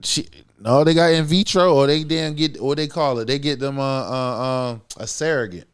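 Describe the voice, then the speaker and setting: A man's voice: mid-range voice, normal speed, clean tone. A man co-hosting a podcast, talking casually in a blunt, profane, emphatic way, often checking in with "you feel what I'm saying". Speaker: podcast co-host.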